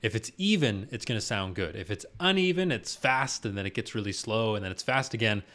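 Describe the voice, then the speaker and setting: A man's voice: fairly low pitch, animated, brisk, a bit bright. A man working as a vocal coach, giving casual reaction commentary and analytically explaining singing technique with bursts of enthusiasm.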